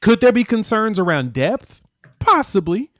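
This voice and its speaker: Higher-voiced man in casual sports chat. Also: big pitch swings, unhurried, a bit bright, no room sound, clean studio sound. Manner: thinks aloud, self-correcting. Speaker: co-host.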